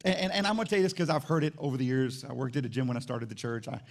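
A male pastor gives a lively, joke-filled sermon, moving between quick asides and shouted high points.

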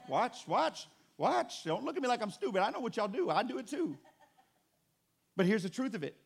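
A man preaching a sermon as pastor, animated and conversational, with joking asides to the congregation. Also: sits high, fairly quick, gravelly, breathy edge.

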